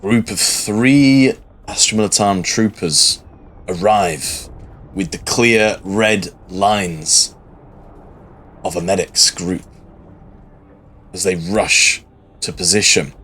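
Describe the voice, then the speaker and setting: A man narrating a tabletop game as its game master in a relaxed, unhurried way. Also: sits low, slight background noise.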